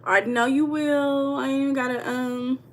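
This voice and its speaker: A woman's voice: high-pitched, steady tone, fairly quick. An American woman hosting a live tarot stream on her phone, talking easily to her viewers and answering their comments one by one. Her slang is loose and friendly. A faint hiss of background noise sits under her voice. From United States. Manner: chatty, reads viewer comments aloud, Southern-style slang. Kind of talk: casual livestream chat. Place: home room.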